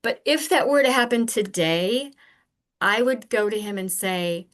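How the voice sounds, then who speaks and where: An older woman who is a podcast guest, telling earnest personal stories in a candid, animated conversational way. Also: medium pitch, normal speed. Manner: earnest, animated, acts out remembered exchanges.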